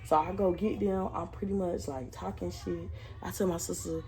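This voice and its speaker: A woman's voice: fairly low pitch, moderate pace. A young woman vlogger telling a family story in a casual, profane, slang-heavy way and. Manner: profane, animated retelling with slang.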